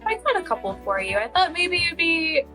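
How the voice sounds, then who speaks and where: A woman's voice: very high voice, big pitch swings, a little fast, sharp tone, soft background music, pitched above the performer's own voice, exaggerated voice. A woman voicing a sweet, awkward young woman in a tabletop game, hesitant and rambling. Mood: shy.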